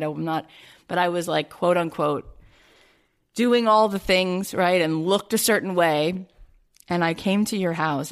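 A woman hosting a conversational interview, telling stories animatedly and acting out remembered dialogue. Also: low voice. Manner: animated storytelling, retelling dialogue. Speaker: podcast host.

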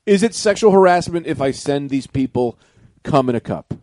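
A man's voice: on the high side, expressive, normal speed, a little mellow, no room sound. A man hosting a podcast, rambling through crude jokes and laughing at his own bits. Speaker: podcast host. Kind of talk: casual comedy chat. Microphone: podcast microphone with headphones.

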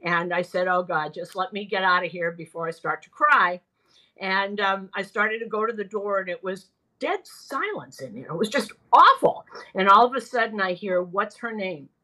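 An older woman broadcaster telling animated stories from her career in an interview, often quoting other people. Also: medium pitch, moderate pace, low-quality recording. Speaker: guest broadcaster. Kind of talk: storytelling in a podcast interview.

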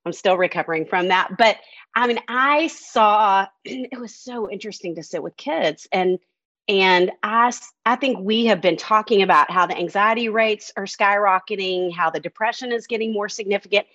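A woman's voice: mid-range voice, normal speed, fairly bright tone, dry recording, dull audio. A woman, a counselor and camp director, speaking candidly and reflectively in a podcast conversation.

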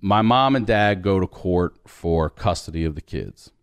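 A man's voice: sits low, animated, unhurried, clear, resonant tone, no room sound. A man in his forties telling a personal story, acting out the dialogue and swearing freely. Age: 40s. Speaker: podcast guest. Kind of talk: storytelling in casual conversation.

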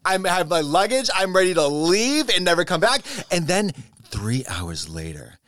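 Man, higher voice, wildly swinging pitch, theatrical comedy chat, dry close sound. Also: moderate pace, no echo. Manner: animated, theatrical, bursts into laughter, acts out quotes in voices. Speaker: podcast co-host.

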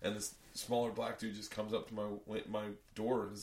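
A man hosting a podcast, telling a long story in casual chat, animated and full of profanity. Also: on the low side, a little fast, reverberant, distant mic. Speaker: podcast host and comedian.

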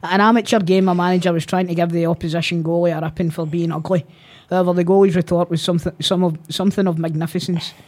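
A man's voice: sits high, level tone, quick pace. A Scottish man co-hosting a casual chat, trading sweary stories and laughing often. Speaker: podcast co-host.

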